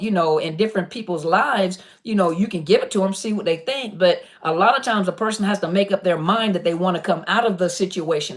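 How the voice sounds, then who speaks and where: A woman coaching on narcissist abuse, talking casually and directly to viewers in a live-stream Q&A, with a habit of repeating "listen". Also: medium pitch.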